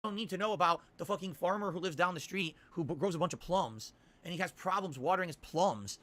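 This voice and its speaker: Fast, bright-voiced ranting man. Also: high-pitched. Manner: blunt, dismissive, profane. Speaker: streamer in a played clip. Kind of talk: ranting stream commentary.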